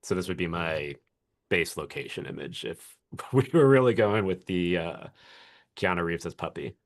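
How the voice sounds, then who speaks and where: A man walking through a software demo on a live stream, relaxed and chatty, laughing often. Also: sits low, moderate pace. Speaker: guest video creator.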